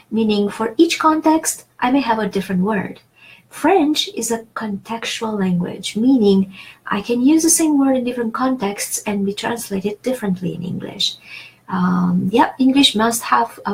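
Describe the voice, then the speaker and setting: A woman's voice: fairly high pitch, darkish tone, low-quality recording. A woman teaching a French lesson in English, explaining patiently with many fillers and restarts. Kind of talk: online language lesson.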